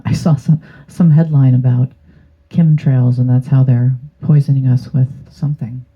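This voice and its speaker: A woman's voice: extremely low pitch, fairly even intonation, moderate pace, slightly rough. A woman giving a casual tarot reading to her channel, rambling and hesitant with many fillers. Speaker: tarot reader. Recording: tinny phone-like sound.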